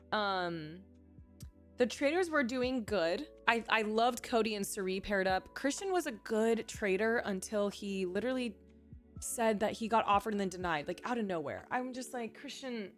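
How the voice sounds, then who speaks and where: A woman's voice: mid-range voice, animated, normal speed, soft background music. Chatty woman streaming live. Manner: chatty, reacting to viewers' chat messages. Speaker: livestreamer and former reality show contestant. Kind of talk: casual livestream chat. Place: home streaming setup, faint music behind.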